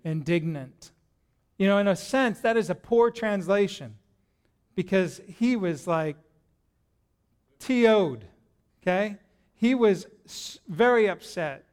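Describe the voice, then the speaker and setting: A middle-aged man preaching a sermon to a congregation in a church, lively and joking as he talks to them directly. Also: high-pitched, slow, pauses often, smooth. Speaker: pastor.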